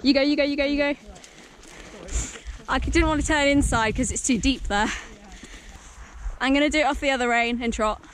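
A woman's voice: high voice, fairly even intonation, moderate pace, pauses often, a bit bright. A woman riding in an outdoor arena and talking to her horse, praising and coaxing it with frequent laughs, recorded on a helmet camera. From Britain. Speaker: horse rider filming her ride. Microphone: helmet-mounted action camera. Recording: noisy outdoor recording, hoof sounds.

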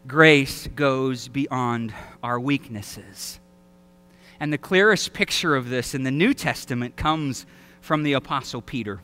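A male pastor with a Southern American accent, preaching an animated sermon that acts out voices and quotes. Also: medium pitch, slow. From Alabama. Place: church sanctuary.

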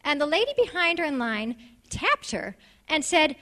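A middle-aged woman from the United States with a New York accent, telling a comic story to an audience and acting out voices with quick asides. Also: high voice, big pitch swings, pushed and bright.

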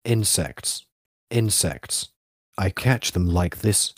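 A man's voice: sits low, animated, takes it slowly, dry recording, clean studio sound, heavily acted. A man reading the part of a male schoolteacher who collects insects, answering defensively and insistently.

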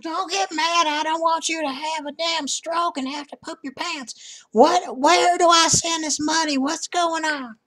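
A woman's voice: very high voice, fairly even intonation, measured pace, a bit bright. A woman playing a sweet-talking old lady who makes crude jokes, on a prank voice chat. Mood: doting. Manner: doting, teasing, crude jokes. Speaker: scambaiter.

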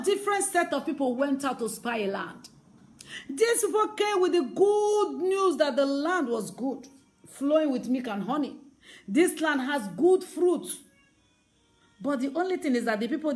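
A woman's voice: sits high, sing-song, measured pace, a little mellow. A woman evangelist, preaching a sermon full of emphatic, repeated rhetorical questions.

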